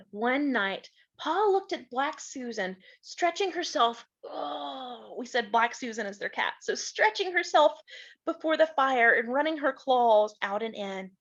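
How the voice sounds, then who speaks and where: A woman reads a children's storybook aloud in a high, unhurried voice, breaking off now and then for gentle explanations to young listeners. The sound is slightly muffled and lo-fi.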